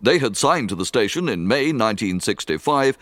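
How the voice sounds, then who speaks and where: A man reading scripted narration for a documentary in a measured, informative way. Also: medium pitch, expressive, a bit bright, no room sound, clean studio sound.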